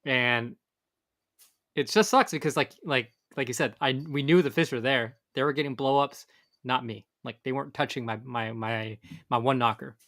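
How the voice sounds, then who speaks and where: A man's voice: mid-range voice, moderate pace, fairly bright tone. A man, co-hosting a casual fishing podcast and talking in a rambling way with many restarts. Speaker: podcast co-host. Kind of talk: casual chat.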